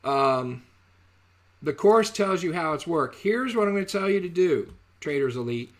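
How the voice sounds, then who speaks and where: Chatty male trading teacher, slightly high voice. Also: animated, moderate pace. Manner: chatty, jokey, corrects himself mid-word. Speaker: trading educator. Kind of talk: casual live webinar teaching.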